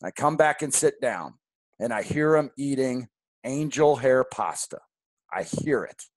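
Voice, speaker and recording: Animated forty-something man, dry sound. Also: medium pitch, measured pace, dry recording. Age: 40s. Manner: animated, candid storytelling. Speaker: podcast host. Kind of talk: casual storytelling monologue.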